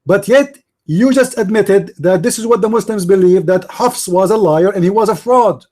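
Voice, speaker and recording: A man's voice: sits high, moderate pace, a little mellow. A man hosting a live debate, arguing emphatically and repeating his points to the viewers. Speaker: debate host.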